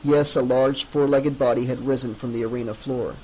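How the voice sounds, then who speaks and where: A man's voice: mid-range voice, fairly even intonation, a little fast, mellow, a little hiss or hum, rough recording. Man reading a horror audiobook. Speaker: audiobook narrator.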